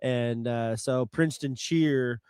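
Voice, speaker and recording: A man's voice: medium pitch, slow, darkish tone, smooth, no room sound, clean studio sound. A man co-hosting a podcast who shares trivia in a loose, offhand way, full of fillers. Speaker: podcast co-host. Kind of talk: casual chat.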